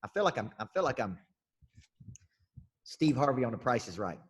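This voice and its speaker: With a medium-pitched, sing-song delivery at a moderate pace, a man steers a sales panel as its coach and host, chatting loosely as he directs the questions. The recording captures a husky voice and long reverb.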